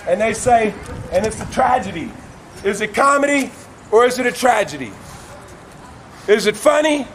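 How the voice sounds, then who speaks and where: A man's voice: very high-pitched, slight background noise. A man from Northern California, a father, delivering an impassioned, profane monologue with an emphatic preaching cadence.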